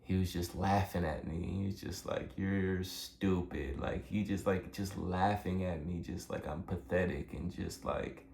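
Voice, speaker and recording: A man's voice: low-pitched, little pitch movement, normal speed, gravelly, few pauses, a little mellow. A young man telling a personal story in a casual, rambling way, earnest and emotional, full of fillers. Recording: echoey room with faint background noise.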